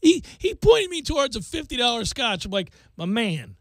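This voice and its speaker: A middle-aged man hosting a sports radio show, telling stories in an animated, ranting way. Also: very high voice, a little fast, no echo. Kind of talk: casual sports radio chat. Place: radio studio. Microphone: studio microphone.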